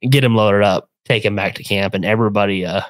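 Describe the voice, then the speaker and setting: A young man casually retelling a hunting trip, animated and acting out the voices in a phone call. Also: fairly low pitch, fast talker, no room sound. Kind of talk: casual storytelling.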